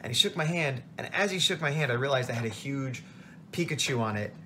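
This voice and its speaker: A tired man, a comic artist, telling a rambling, animated story in a casual vlog. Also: mid-range voice, brisk, a little hiss or hum. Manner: rambling, animated retelling with quoted voices.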